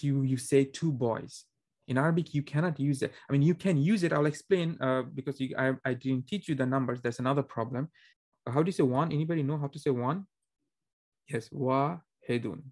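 With a mid-range, slightly mellow voice, a man runs a beginner Arabic class in a chatty lecturing style. He often starts over and leans on fillers, regularly asking students questions to confirm they've understood.

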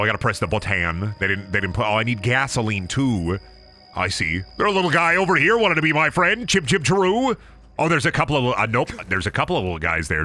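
Young Midwestern man, casual game streamer, profane and jokey; bright tone, very animated pitch. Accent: Midwestern American. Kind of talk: casual gaming commentary.

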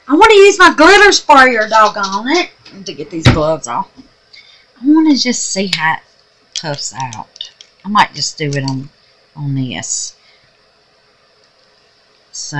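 Casting note: an excitable, folksy woman, slow-paced and very lively in pitch, crafting on camera. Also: slight background noise, rough recording. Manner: folksy and excitable, calls viewers babies and darlings. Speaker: resin craft vlogger. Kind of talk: casual chat to viewers while crafting.

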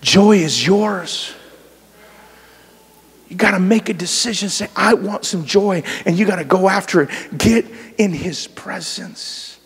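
A male pastor preaches in a high voice that rises to near shouts and drops to quiet asides. His delivery is conversational and animated, like talking straight to the congregation. The sound carries a long church reverb. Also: measured pace, breathy edge. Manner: animated and conversational, swings between loud and soft. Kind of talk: sermon. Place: church sanctuary.

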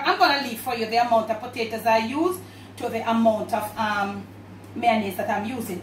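A woman's voice: on the high side, a little hiss or hum. A woman with a Jamaican accent, a home cook demonstrating a recipe and talking chattily to her viewers as family. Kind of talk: cooking demonstration. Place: home kitchen. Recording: echoey kitchen, distant mic. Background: clatter of dishes and pans.

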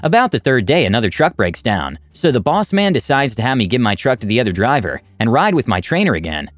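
A man's voice: mid-range voice, very animated, quick pace, dry recording. A man narrating a reddit revenge story, reading out the character tags as he goes.

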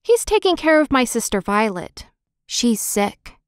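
A woman's voice: a little high, sing-song, a little slow, smooth, no echo, clean studio sound, voice pushed up. Brief: woman voicing young boy in a storybook, cheerful, trusting, affectionate. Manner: bright, friendly, openly affectionate.

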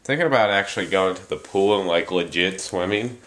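A man's voice: deep voice, brisk, hardly any pauses, fairly bright tone, echoey room, slight background noise. A young man talking casually and swearing as he films his daily vlog and coaxes his dog out for a walk. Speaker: vlogger.

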